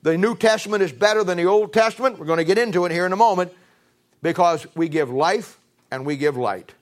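A man preaching a sermon with emphatic, repeated phrases, swinging from raised peaks to low drops. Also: fairly quick. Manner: emphatic, rising to high-pitched emphasis and dropping low.

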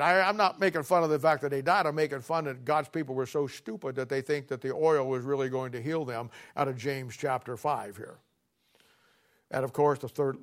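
A man preaching a sermon, telling a story with a sarcastic, folksy humor and reading scripture aloud. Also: fairly high pitch.

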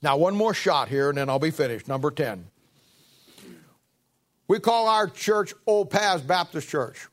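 A man preaching as pastor, swelling and slowing to read scripture, then falling back into chatty asides, clearing his throat now and then. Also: on the high side, expressive. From Ohio, United States. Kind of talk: sermon.

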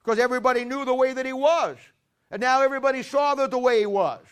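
A man with a strikingly high voice preaches to a congregation. He asks them questions and leans hard into his key lines, rising into near-shouts when he drives a point home. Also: fast, clear, resonant tone. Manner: emphatic, questions the congregation and builds to loud stresses. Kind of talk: sermon.

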